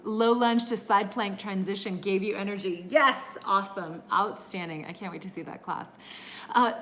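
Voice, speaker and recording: A middle-aged woman teaching a live-streamed energy healing class, chatting warmly and greeting viewers by name, with many fillers. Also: lowish voice, slight background noise.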